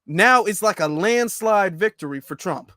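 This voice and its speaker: Male vlog commentator, mocking and slangy, high voice, dry close sound. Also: expressive, normal speed, bright, forceful tone, no echo. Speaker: political commentator. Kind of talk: casual political commentary.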